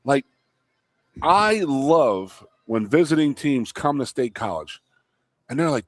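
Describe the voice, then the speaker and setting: A man from the Philadelphia area, co-hosting a live talk show, telling stories in an animated way and laughing easily. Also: medium pitch, unhurried, dry recording. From Philadelphia area, USA. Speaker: co-host. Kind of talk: casual sports talk show chat. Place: restaurant.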